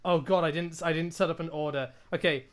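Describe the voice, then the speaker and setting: A man's voice: fairly high pitch, fairly even intonation, fairly quick, noisy background. A young man hosting a podcast, joking around and swearing freely in casual chat. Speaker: podcast host.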